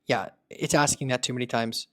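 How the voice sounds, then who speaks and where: A man's voice: medium pitch, steady tone, brisk, sharp tone. Man thinking aloud during a tech tutorial. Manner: thinking aloud while debugging, upbeat. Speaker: tech video creator building voice agents. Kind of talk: casual screen-recorded tutorial.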